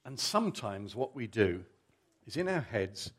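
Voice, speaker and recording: A man's voice: on the low side, sing-song, a little slow, slightly rough. A middle-aged man preaching a Father's Day family sermon, telling a story vividly and coaxing children to act it out.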